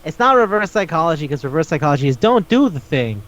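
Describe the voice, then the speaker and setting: A fairly high-voiced man chatting on a podcast, animated and profane, slipping into the voices of the characters he describes. The recording is dull and lo-fi. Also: fast. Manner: animated, acts out characters' lines, swears often. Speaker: podcast co-host. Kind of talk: casual chat recapping a manga.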